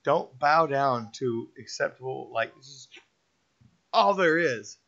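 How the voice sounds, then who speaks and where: A man's voice: mid-range voice, lively intonation, takes it slowly, gravelly, a bit bright. Middle-aged guy, motivational rant, repetitive and preachy, muffled lo-fi recording. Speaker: vlogger giving a motivational talk. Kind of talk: rambling motivational monologue. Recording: dull lo-fi sound.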